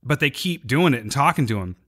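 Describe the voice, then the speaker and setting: A man's voice: medium pitch, a little fast. A man co-hosting a podcast, casually recapping an episode and acting out lines from it. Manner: animated retelling, acts out quotes. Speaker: podcast co-host.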